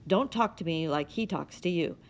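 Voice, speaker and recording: A woman's voice: fairly low pitch, normal speed, a little hiss or hum, natural voice. A woman reading the lines of a bitter, rigid middle-aged mother in a clipped, cold way.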